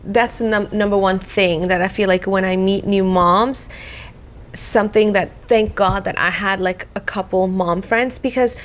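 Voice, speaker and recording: A woman's voice: mid-range voice, steady tone, moderate pace. A young woman hosting a casual podcast about motherhood, speaking to listening mothers directly and reassuring them. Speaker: podcast host. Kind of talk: casual chat.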